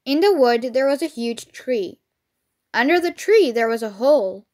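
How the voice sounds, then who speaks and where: High-voiced woman reading a storybook aloud. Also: moderate pace. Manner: clear, expressive reading aloud. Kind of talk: read-along storybook narration.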